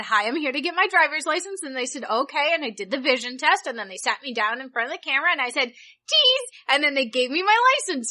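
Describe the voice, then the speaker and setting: A woman in her twenties, a podcast co-host, telling stories in casual chat and acting out the people she quotes. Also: high voice. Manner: animated storytelling, acts out quoted voices.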